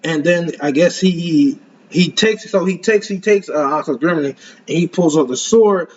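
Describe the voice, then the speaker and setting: A young man giving casual, excitable commentary as an anime reaction host, rambling and laughing often. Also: a little high, moderate pace, slightly rough, highs cut off.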